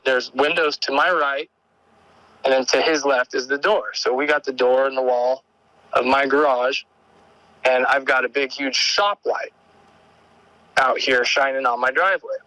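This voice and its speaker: Calling in to share an encounter story, this man has a mid-range voice captured on a rough recording with no room sound. His delivery wanders and stalls, with many restarts and fillers, and it grows excited and pressing as events build.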